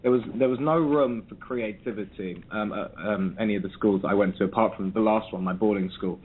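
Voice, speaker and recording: Over a phone line with a bit of hiss or hum, a musician from South London reflects in a casual interview, frequently restarting sentences and saying um. He talks a little fast in a fairly low voice.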